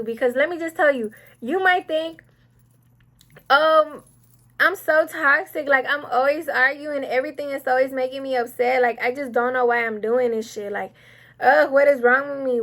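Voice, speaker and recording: A young woman chatting casually while doing her makeup, rambling and getting sidetracked as she gives advice. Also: high-pitched. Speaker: beauty vlogger. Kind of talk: casual get-ready-with-me chat.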